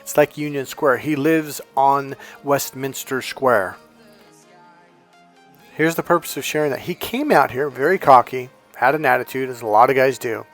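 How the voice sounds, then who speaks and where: A man coaching a course on dating, telling a story bluntly, swearing and shouting his punchlines. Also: mid-range voice, normal speed, soft background music. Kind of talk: animated storytelling lecture.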